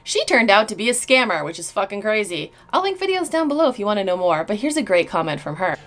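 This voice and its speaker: A woman's voice: mid-range voice, sing-song, fast, fairly bright tone. A woman YouTuber reading and answering mean comments in a blunt, sarcastic, profane way. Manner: blunt, sarcastic, swears often. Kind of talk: casual vlog reading comments.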